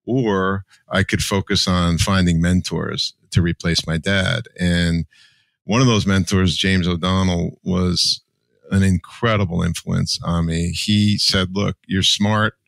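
A man's voice: low voice, steady tone, slow pace, vocal fry, fairly bright tone, no room sound. A man in his sixties from New Jersey, a podcast guest telling his life story candidly and with emotion. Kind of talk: personal storytelling.

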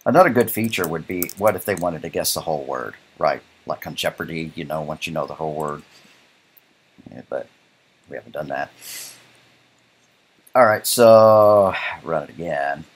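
Male instructor, very low and husky, casual live-coding lecture, thinks out loud. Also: moderate pace, long pauses. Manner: casual, thinks aloud, keeps asking "right?". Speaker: programming instructor.

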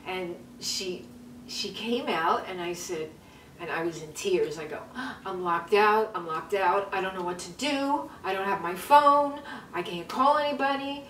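A woman's voice: mid-range voice, unhurried, a bit bright. Woman, 70s, vlog host: chatty storyteller, repeats words, recorded at a distance in a roomy room. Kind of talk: casual storytelling. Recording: roomy sound from a distance, faint noise.

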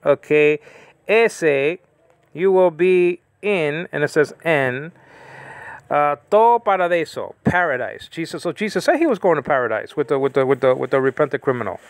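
A man teaching the Bible in a casual, rambling monologue, often correcting himself and slowly reading out Greek words. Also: a little high, no echo.

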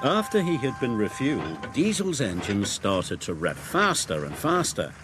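A man narrates a children's cartoon like a storybook, taking his time. His pitch moves a great deal, up and down, as he tells it. Music plays underneath throughout. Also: wildly swooping pitch, measured pace.

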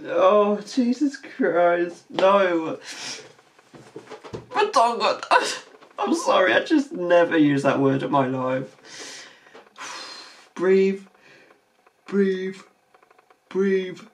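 A woman's voice: fairly low pitch, expressive, very slow, long pauses, slight background noise. A woman hosting a reaction video who keeps breaking into helpless laughter and swears as she reacts. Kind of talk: casual reaction commentary.

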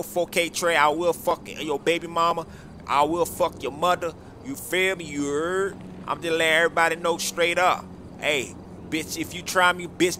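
A man voicing a menacing young male rapper in a game role-play, swearing and threatening in slow street talk. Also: a little high, pushed and bright, a little hiss or hum.

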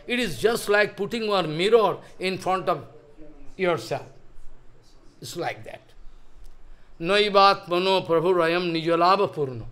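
A man's voice: high voice, a bit bright. A man giving a devotional sermon as a spiritual teacher, speaking in simple, repetitive non-native phrasing with frequent restarts.

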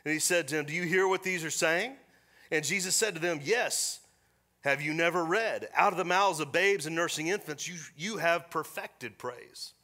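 A middle-aged man preaching a sermon as pastor, animated and mixing scripture with joking asides. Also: on the high side, normal speed. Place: church service.

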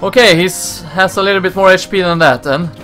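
A man hosting a let's play, giving relaxed, casual commentary with mumbled asides. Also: high-pitched, fairly quick, faint music behind.

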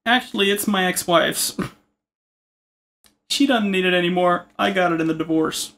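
Pitched high and delivered at a normal speed, this man's sharp-toned voice narrates an art tutorial he's hosting. He talks casually as he draws, tossing out jokes and wandering off into rambling asides.

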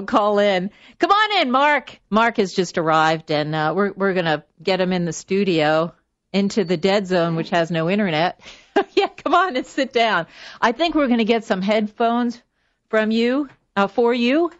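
A woman hosting a radio talk show, upbeat and quick to laugh, in casual chat with a guest in the studio. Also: mid-range voice, animated, no echo. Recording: dull, dry studio sound.

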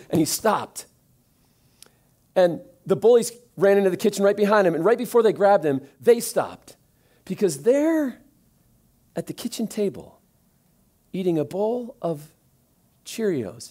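Male pastor, slightly higher voice, conversational sermon storytelling. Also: a little slow, long pauses, husky. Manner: conversational storytelling preaching, animated in stories.

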